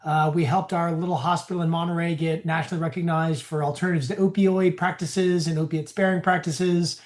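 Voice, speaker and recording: A man's voice: on the high side, little pitch movement, fairly quick. A man, a physician, giving a casual continuing-education lecture in a conversational, bantering way. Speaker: physician presenter. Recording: echoey room.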